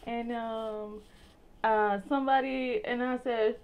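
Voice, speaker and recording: Slow-talking New woman telling stories. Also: medium pitch, lo-fi sound. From Brooklyn, New York. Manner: animated, laughs often, acts out voices. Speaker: vlogger. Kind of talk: casual storytelling to viewers.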